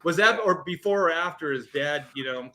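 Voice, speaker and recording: A man's voice: a little high, expressive, brisk, a loud crowd. A man co-hosting a podcast, talking in a laid-back, blunt way in casual chat. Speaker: podcast co-host.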